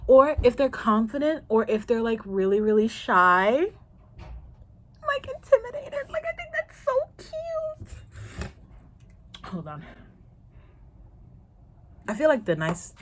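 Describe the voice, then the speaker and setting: Animated young woman, lower voice. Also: slight background noise. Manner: playful, dramatic, quick to laugh; slangy, chatty. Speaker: vlogger. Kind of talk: casual Q&A vlog.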